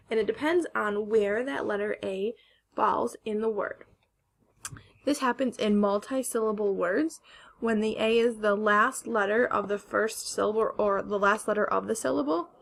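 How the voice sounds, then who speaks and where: A woman teacher giving a recorded phonics lesson to young children, slowly stretching out words to model their sounds. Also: medium pitch, creaky. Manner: slow, careful, stretching sounds to model pronunciation.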